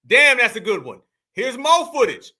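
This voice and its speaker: High, animated man ranting on reactions. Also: normal speed, slight background noise. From United States. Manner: animated, heated, repetitive and profane. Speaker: commentary channel host. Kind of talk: reaction commentary to a live chat.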